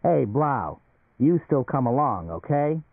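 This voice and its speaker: A man's voice: medium pitch, big pitch swings, takes it slowly, gravelly, no echo, pitched above the performer's own voice, full character voice. A man voicing an anxious male business executive who talks in agitated, rising outbursts. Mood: resolved. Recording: phone-like narrow band, dry.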